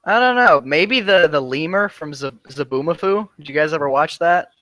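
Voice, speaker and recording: A man's voice: fairly high pitch, animated, moderate pace, pushed and bright, dry recording, rough recording. A man co-hosting a podcast, chatting casually and teasing his friends. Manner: teasing, joking banter. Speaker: podcast co-host. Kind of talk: casual chat.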